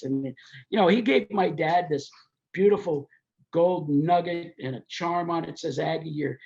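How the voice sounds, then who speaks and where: Gravelly older man telling lively stories. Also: fairly high pitch, unhurried, muffled recording. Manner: animated, acts out quoted voices while telling anecdotes. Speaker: guest, race promoter. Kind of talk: storytelling in a podcast interview.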